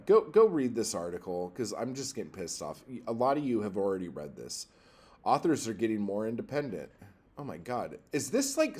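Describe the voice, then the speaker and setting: A man hosting a poetry livestream, ranting in a profane, exasperated way, jumping from loud outbursts to low muttering. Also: slightly rough.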